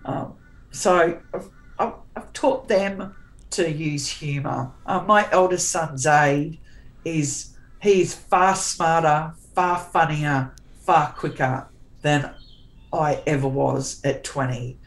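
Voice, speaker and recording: A woman's voice: low voice, steady tone, slow pace, low-quality recording. A woman in her forties, a guest author, chatting candidly in an interview in a forthright, sarcastic way, often restarting her sentences.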